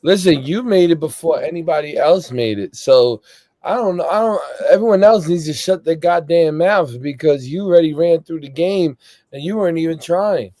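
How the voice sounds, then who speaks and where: A man hosting a casual podcast chat, telling stories animatedly with loud laughs and acted-out voices. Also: on the high side, moderate pace, no room sound. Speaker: podcast host.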